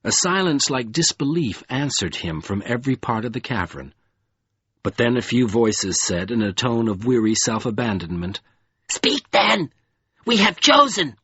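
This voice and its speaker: A man narrating a fantasy audiobook in an expressive, dramatic reading. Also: lowish voice, moderate pace, husky, no room sound, dull audio.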